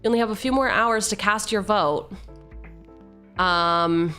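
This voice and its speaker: A woman's voice: medium pitch, measured pace, sharp tone, clear, resonant tone, soft background music. A woman streamer chatting casually with her viewers, rambling, joking at herself and reading card text aloud. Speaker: streamer opening card packs. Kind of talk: casual live-stream chat.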